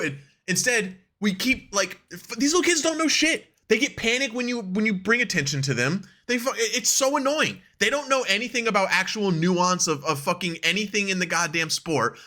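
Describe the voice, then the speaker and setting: Young male co-host, bright voice, animated ranter, loose and profane. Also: sits high, fairly quick, hardly any pauses. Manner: animated ranting, swears a lot, laughs often. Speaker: podcast co-host. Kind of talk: casual chat.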